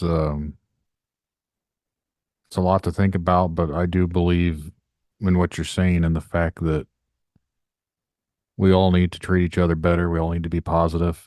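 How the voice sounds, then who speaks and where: A man hosting a podcast, speaking in a calm, measured way with some hesitation. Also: sits low, no room sound, clean studio sound. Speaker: podcast host. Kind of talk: casual interview chat.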